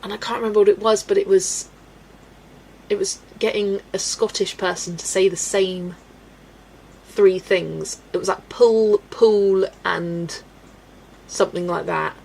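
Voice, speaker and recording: A woman's voice: mid-range voice, steady tone, measured pace, darkish tone, a little hiss or hum, low-quality recording. A woman hosting a colouring live stream, chatting casually with viewers and giggling often. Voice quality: gravelly creak in the voice. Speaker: colouring livestream host.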